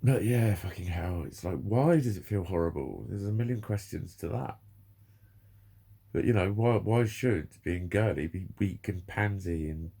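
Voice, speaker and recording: Gravelly low-voiced man in his forties. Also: normal speed, warm tone. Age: 40s. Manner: candid, emotional, heavy swearing. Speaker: vlogger. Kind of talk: casual confessional monologue.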